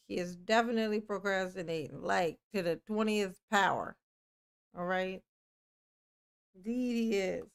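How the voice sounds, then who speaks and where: A woman's voice: a little high, vocal fry, clear, resonant tone. A woman hosting a livestream, giving sassy, playful, teasing commentary in a casual chat. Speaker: livestream host.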